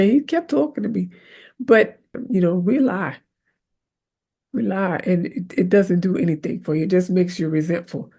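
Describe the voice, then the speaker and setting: Chatty woman hosting a faith podcast. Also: mid-range voice. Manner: conversational, keeps asking "right?"; animated, acts out her own prayers aloud. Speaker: podcast host. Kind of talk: faith-based motivational talk.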